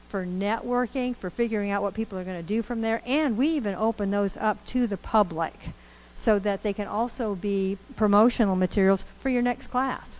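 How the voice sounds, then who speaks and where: A woman leads a training session in a meeting room, talking in a lively, conversational way. Her voice sits at an ordinary middle pitch for a woman. She tells stories to make her points. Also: poor audio. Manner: conversational, upbeat, storytelling with acted quotes. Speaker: course trainer. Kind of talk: training lecture to a group.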